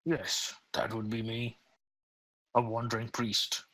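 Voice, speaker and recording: A man's voice: mid-range voice, monotone, takes it slowly, fairly bright tone, poor audio. A man voicing a humble, courteous wandering priest who speaks in formal, gracious phrases.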